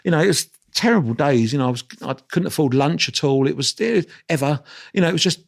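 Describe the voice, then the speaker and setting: A man in his sixties, a guest on an interview show, telling lively stories against himself, acting out the voices and laughing as he talks. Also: a little high, quick pace, gravelly. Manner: lively anecdotal storyteller, acts out dialogue; self-deprecating, laughs while talking. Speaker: guest photographer. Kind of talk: storytelling interview.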